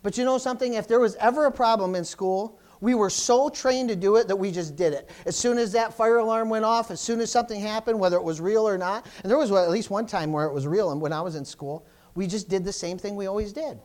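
Preaching fast in a mid-range voice with a darkish tone, a pastor addresses a church congregation. Phrases are often started over, punctuated by "amen?" and "praise the Lord."

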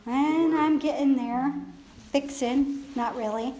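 A woman's voice: high voice, lively intonation, normal speed, a bit bright, echoey room. A woman preaching a sermon to a congregation, talking in a conversational, emphatic way with asides. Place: church service.

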